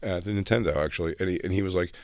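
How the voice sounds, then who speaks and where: A man's voice: low-pitched, rapid-fire, darkish tone, no room sound, studio quality. A middle-aged man co-hosting a casual comedy talk show, rambling through stories and acting out the quotes. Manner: rambling storyteller, acts out quotes. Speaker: co-host. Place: radio studio.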